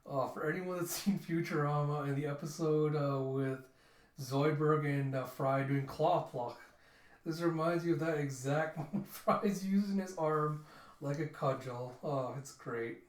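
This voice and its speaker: A man hosting a casual comic readthrough, animatedly reading out character lines with shouts and sound effects. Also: fairly high pitch, measured pace, echoey room.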